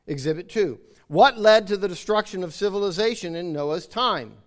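At a moderate pace, a high-voiced male preacher stresses his message, restating important phrases for impact. He reaches out to his listeners, calling for them to agree.

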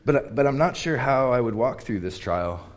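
A man preaching a sermon in an earnest, emphatic way, repeating phrases for weight, and turning quiet and tender when he tells a personal story. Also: medium pitch, lively intonation, normal speed. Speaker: pastor.

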